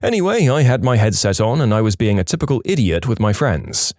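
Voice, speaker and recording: A man's voice: fairly low pitch, fairly quick, dry recording, studio quality. A man narrating submitted stories in a scripted storytime reading, acting out the quoted voices. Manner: lively, acts out quoted voices.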